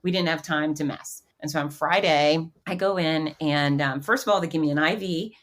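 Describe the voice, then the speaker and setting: A middle-aged woman as a podcast guest, telling a personal story in a lively way and acting out the voices of others. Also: deep voice, moderate pace. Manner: animated storyteller who acts out quotes.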